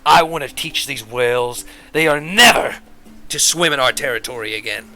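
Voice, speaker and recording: A man voicing a calm, commanding male orca gang boss who speaks low and quiet. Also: normal speed, lightly acted. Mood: menacing.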